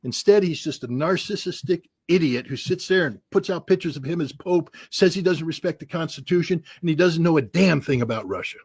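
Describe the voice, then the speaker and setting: A man's voice: on the high side, animated, brisk, hardly any pauses, darkish tone, slightly rough, dry recording. An American man giving heated political commentary as an interview guest, ranting with anger and cutting sarcasm. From United States.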